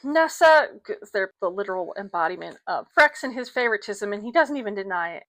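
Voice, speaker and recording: A woman's voice: mid-range voice, animated, brisk, hardly any pauses, fairly bright tone, no room sound, low-quality recording. A woman giving casual, blunt, profane commentary on a novel and reading passages aloud. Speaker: book commentator.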